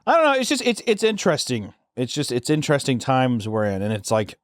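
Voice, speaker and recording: A young man co-hosting a casual podcast, animated and profane, acting out little scenes as he talks. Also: mid-range voice, fairly quick, no room sound, clean studio sound. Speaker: podcast co-host and animation YouTuber.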